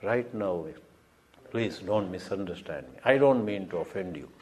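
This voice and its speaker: A man's voice: deep voice, expressive, normal speed, a little hiss or hum, pitched below the performer's own voice. A man voicing a courteous son in heaven who speaks hesitantly and apologetically. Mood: apologetic. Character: polite young son in heaven, gently apologetic.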